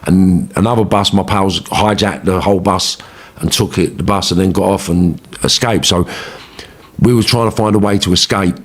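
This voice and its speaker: Low-voiced London man, swears freely, slangy interview storyteller who gets animated. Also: moderate pace. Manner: animated, rising when reliving arguments. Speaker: interviewee telling his life story. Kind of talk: casual storytelling.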